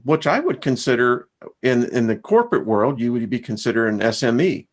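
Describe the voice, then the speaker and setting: A man's voice: medium pitch, animated, fairly quick. A man hosting a casual spiritual discussion, laughing often and reading out a list of principles. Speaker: host.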